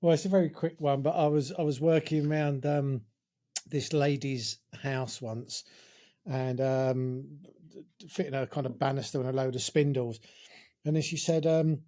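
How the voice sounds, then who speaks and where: A man's voice: medium pitch, steady tone, normal speed, warm tone. A man co-hosting a podcast, telling an easygoing anecdote in casual chat.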